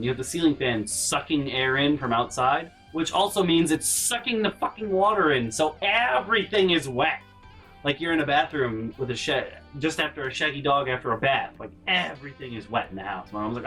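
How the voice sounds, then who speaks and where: A man's voice: mid-range voice, a little fast, distant mic, faint music behind, rough recording. A man telling a comedic story from his life, rambling and swearing freely. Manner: profane, rambling, animated. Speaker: channel host, storyteller.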